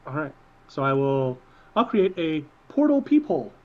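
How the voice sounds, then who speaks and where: Higher-voiced man, hesitant player. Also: very animated, normal speed. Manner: hesitant, stammering restarts. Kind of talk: casual tabletop game play. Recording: muffled lo-fi audio.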